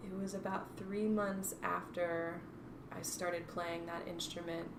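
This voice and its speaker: With a fairly low pitch and a completely flat delivery, a North Carolina woman in her twenties speaks at a measured pace as a guest in a casual interview chat. She is reflective, with many fillers and restarts. The sound is echoey and distant, with faint noise.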